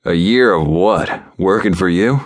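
A man's voice: low-pitched, unhurried, no echo, studio quality. A man playing a curt, snarling tough rancher. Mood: shocked. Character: tough rancher, guarded and quick to anger.

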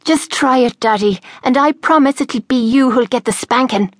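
A woman's voice: sits high, moderate pace, no echo, clean studio sound, pitched above the performer's own voice. A woman voicing a cheeky, devout teenage girl teasing her father, in a storybook reading.

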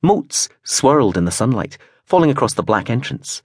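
A man narrating a novel in the first person, an expressive storyteller with a husky tone. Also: mid-range voice, moderate pace, no echo, clean studio sound. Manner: expressive storytelling with voiced character turns. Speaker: audiobook narrator.

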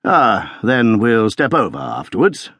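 A man voicing a hearty older country colonel who talks in a brisk, genial, matter-of-fact way. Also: lowish voice, very animated, a bit bright, no room sound, clean studio sound, full character voice.

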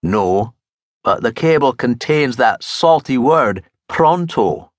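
A man's voice: mid-range voice, lively intonation, slow, dry recording. A male audiobook narrator voicing a wry, talkative former Scotland Yard inspector turned private detective.

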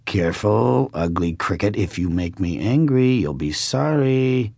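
A man's voice: fairly low pitch, lively intonation, measured pace, gravelly, a little mellow, dry recording, clean studio sound, full character voice. A man voicing a naughty, defiant wooden puppet boy in an audiobook. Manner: defiant, bratty.

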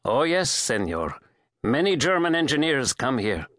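A man's voice: mid-range voice, very animated, a little slow, a bit bright, no echo, clean studio sound. A male narrator voicing a watchful, polite hotel clerk in an audiobook, speaking deferentially and addressing the guest as sir. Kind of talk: audiobook character voice.

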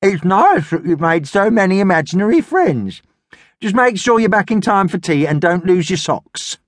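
A kindly, scatty old grandmother, a man acting her humours the boy fondly. Her voice sits high and lilts freely. The audiobook sound is close and dry. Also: very animated, normal speed, dry recording. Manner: fond and humouring.

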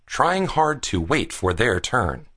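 A man reads a children's picture book aloud, taking his time over every phrase. His pitch swoops widely with expression. A soft husky breathiness runs through the voice. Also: slow pace. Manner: expressive, storytelling. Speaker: audiobook narrator. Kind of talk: children's audiobook narration.

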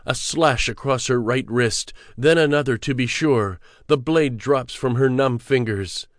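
Dude reading an audiobook, steady measured pace, dry close mic, mid voice. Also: male voice, medium pitch, no echo. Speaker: audiobook narrator. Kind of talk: scripted audiobook narration. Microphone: close studio mic.

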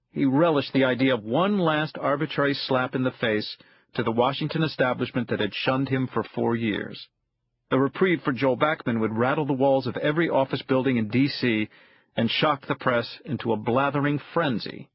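A man narrates an audiobook in an even, measured manner. His voice is husky and a bit breathy. The studio recording is very dry and slightly dull. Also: medium pitch, no room sound.

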